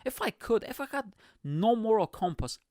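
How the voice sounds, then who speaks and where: A man's voice: high-pitched, big pitch swings, moderate pace, mellow, no echo, clean studio sound. A male comedian hosting his own podcast, rambling in a casual comic monologue, swearing a lot and tagging lines with bro and you know what I'm saying. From immigrant.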